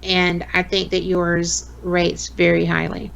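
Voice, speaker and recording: A woman in her late fifties with a Southern US accent, a radio host chatting as a podcast guest, folksy and quick to laugh. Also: lowish voice, completely flat delivery, vocal fry, fairly bright tone, highs cut off. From American South. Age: 50s. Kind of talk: casual interview chat.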